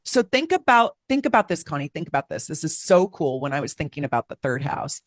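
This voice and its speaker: A woman astrologer hosting a casual chat, telling stories in an animated, talkative way. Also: deep voice, fairly quick, no echo, clean studio sound. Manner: chatty, animated storyteller. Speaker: astrologer host.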